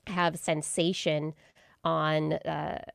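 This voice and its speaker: A woman's voice: low-pitched, little pitch movement, very slow, creaky, dry recording, clean studio sound. A woman co-hosting a science podcast, explaining a new study in casual talk with many fillers and restarts. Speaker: podcast co-host.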